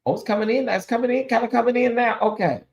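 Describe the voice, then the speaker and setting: A man's voice: very high voice, fairly even intonation, fast, vocal fry, muffled recording. A man hosting a casual livestream, chatty and emotional, sounding sleepy as he thanks viewers by name. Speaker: livestream host.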